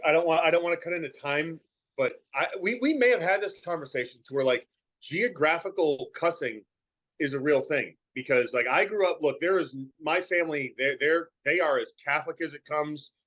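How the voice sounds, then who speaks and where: A man's voice: a little high, fairly bright tone. Guy from massachusetts, light new england accent, casual rambly chat full of "like" and "um". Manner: rambling, many fillers and restarts. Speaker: podcast guest, professional wrestler.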